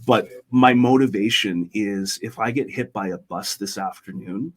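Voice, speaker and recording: A man's voice: lowish voice, moderate pace, husky. A middle-aged man, a podcast guest, talking earnestly and retelling a parable in a conversational way. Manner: retells a parable, voicing characters lightly.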